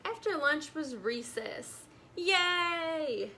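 A woman librarian reading a storybook aloud to children in an animated way, speaking to them directly. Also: sits high, very slow, slight background noise.

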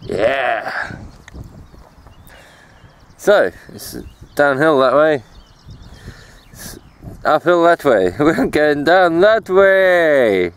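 A man's voice: on the high side, very animated, drawn-out words, long pauses, smooth, rough recording. A man chatting casually to his camera while cycling outdoors on a rural path, rambling and swearing freely as he films one-handed. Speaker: cycle-touring vlogger. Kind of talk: casual chat while riding. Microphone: handheld camera while cycling one-handed.

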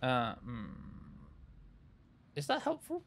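A man's voice: mid-range voice, wildly swooping pitch, slow pace, a bit bright, faint music behind. A man giving sarcastic, chatty commentary while playing a video game and talking back to its characters. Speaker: let's play gamer. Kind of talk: casual gameplay commentary.

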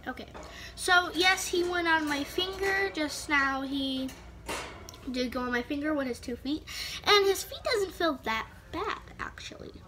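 A woman's voice: high voice, unhurried, bright, forceful tone. A female vlogger chatting casually to the camera, rambling with lots of fillers and restarts.

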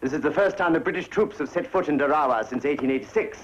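Flustered governor played by a man, pompous and fussy, slightly high voice, echoey muffled 1950s soundtrack. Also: fast, lightly acted. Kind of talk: 1950s film comedy acting.

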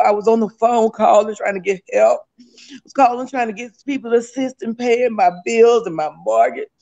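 Gravelly woman giving fervent testimony. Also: a little high, a little mellow. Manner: fervent, tearful, repetitive. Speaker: testimony speaker. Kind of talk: spoken religious testimony. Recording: dull lo-fi recording.

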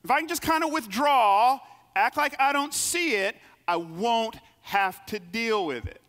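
A man's voice: very high voice, measured pace. A man preaching a sermon as pastor, telling stories and acting out the voices of the people in them. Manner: lively storytelling preacher, acts out quoted voices. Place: church sanctuary. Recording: long reverb of a large hall.

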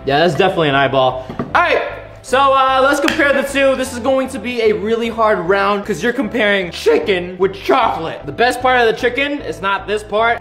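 A young man chatting excitedly through a casual food taste-test vlog, full of tasting noises and quick reactions. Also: high voice. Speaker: vlogger. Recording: echoey room with background music.

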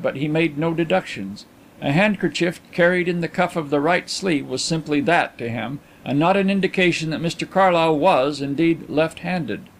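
Male audiobook narrator, fairly high voice, classic mystery read. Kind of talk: scripted narration of a classic detective story.

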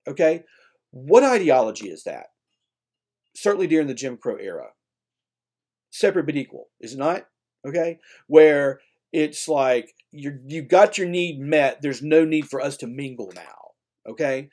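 In a literature lecture, a man with a fairly high voice talks at normal speed and keeps things conversational, checking in with "okay?" and "right?". His retellings are animated, complete with acted-out voices.

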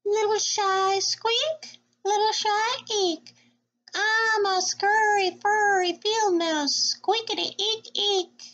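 A woman voicing a shy, furry little field mouse that squeaks in a children's book reading. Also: fairly even intonation, slow pace, fairly bright tone, highs cut off, full character voice. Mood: squeaky.

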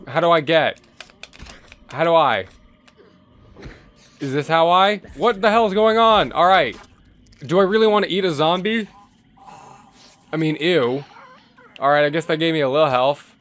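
A man's voice: a little high, a little slow, pauses often. A man commentating a video game, joking and swearing as he plays. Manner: excitable, joking, swears often, reads game text aloud. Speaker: gameplay commentator. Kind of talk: profane let's-play commentary.

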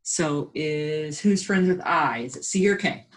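Lady teacher doing a phonics lesson online, slow and breathy, keeps cheering the kids on. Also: low voice. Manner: slow, patient, sounds out letters and words; encouraging, speaks to absent students. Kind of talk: remote phonics and spelling lesson.

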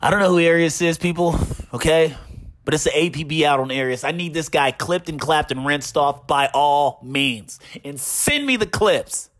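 A man's voice: on the high side, normal speed, fairly bright tone. A man hosting a gaming channel, mockingly recounting online drama with a repeated catchphrase.

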